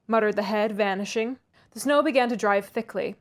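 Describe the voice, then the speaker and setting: A woman reading a classic novel aloud, pausing for chatty asides and laughing at her own stumbles. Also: mid-range voice. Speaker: audiobook reader, read-aloud host.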